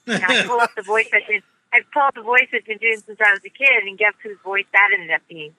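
A woman's voice: mid-range voice, quick pace, a crowd in the background, rough recording. A woman who grew up in the United States, a voice actress chatting upbeat and bubbly in an interview. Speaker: voice actress guest. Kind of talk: casual interview chat.

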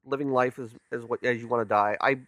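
A man's voice: medium pitch, fairly even intonation, fast talker, a bit bright, no echo, clean studio sound. A man, a podcast co-host, casually recapping a movie in rambling talk full of restarts. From California. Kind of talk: casual movie-review chat.

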